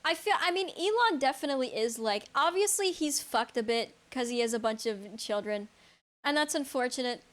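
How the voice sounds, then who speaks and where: A young woman with a high, light voice chats live with her stream audience. She rambles from thought to thought, blunt and unfiltered, swearing freely and breaking into laughs. It is loose, off-the-cuff talk aimed at her chat. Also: animated, normal speed, a bit bright. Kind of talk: casual stream chat, answering chat.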